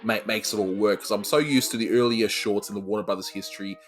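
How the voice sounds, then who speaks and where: Reviewing old cartoons as a co-host, an Australian man keeps the conversation casual and laughs frequently amid his fillers. He talks fast, with a fairly low pitch and fairly even intonation.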